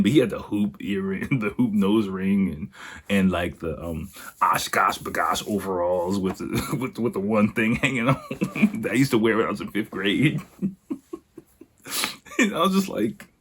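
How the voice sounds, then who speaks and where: A young man tells a rowdy story on his podcast, laughing often and jumping into little impressions. His low, husky voice swings widely in pitch. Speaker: podcast host. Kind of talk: casual storytelling.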